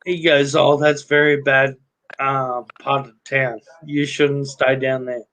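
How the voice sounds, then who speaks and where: A man's voice: mid-range voice, little pitch movement, slow pace, a bit bright, low-quality recording. A middle-aged man with an Australian accent, hosting a casual talk stream and telling a rambling story, swearing constantly. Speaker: livestream host.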